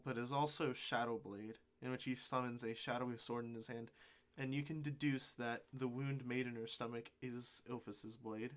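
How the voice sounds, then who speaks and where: Male game master, mid-pitched, hesitant narration full of fillers. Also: a bit bright. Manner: hesitant, lots of ums and uhs.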